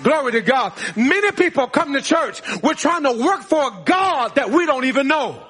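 A man's voice: extremely high pitch, very animated, moderate pace, fairly bright tone. A man preaching a sermon in a church, calling out to the congregation and laughing often. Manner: preaching with call-and-response, frequent laughter. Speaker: pastor. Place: church sanctuary.

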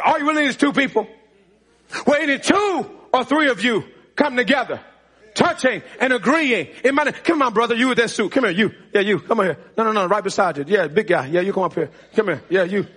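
A pastor preaches a sermon in a church sanctuary, calling out to his congregation in call-and-response and laughing often. His voice is extremely high-pitched, animated, quick, a bit bright, and husky.

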